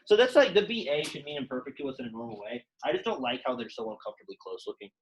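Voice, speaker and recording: A man's voice: mid-range voice, very animated, very fast, slightly rough, poor audio. A young man teaching a Latin class in a classroom, chatty and casual, full of "like" fillers. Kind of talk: classroom lesson.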